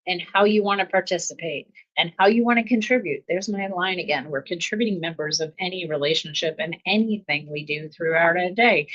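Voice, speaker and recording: A woman hosting a self-help podcast, talking calmly about pausing before reacting, with steady, repeating coaching phrases and soft laughs. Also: medium pitch, dull audio. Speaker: podcast host. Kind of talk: reflective self-help talk.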